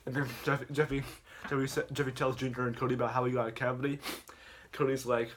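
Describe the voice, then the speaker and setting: A man's voice: medium pitch, level tone, quick pace, a little hiss or hum. A man casually retelling a comedy video, rambling and stumbling over his words. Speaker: YouTuber.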